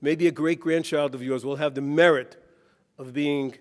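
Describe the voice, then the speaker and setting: Delivering a keynote in a conference hall thick with long reverb, a man blends jokes and anecdotes into a preacher-like cadence. He speaks at a moderate pace, his fairly high voice holding fairly even intonation.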